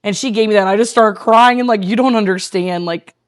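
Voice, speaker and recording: A woman's voice: mid-range voice, quick pace. A woman guest telling a heartfelt personal story in casual conversation, earnest and rambling with lots of fillers. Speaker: guest, tea room owner.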